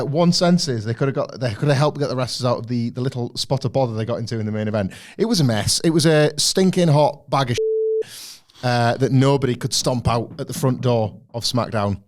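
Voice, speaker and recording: A hoarse man co-hosting a wrestling podcast, ranting in a sardonic, sweary, casual way. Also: medium pitch, darkish tone. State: hoarse, losing his voice. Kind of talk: casual review chat.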